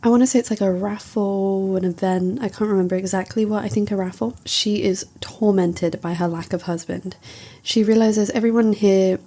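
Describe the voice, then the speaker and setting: A woman's voice: mid-range voice, steady tone, moderate pace, warm tone. A woman reviewing a book in a chatty, wry, casual recap. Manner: chatty, wry, recounting with quotes.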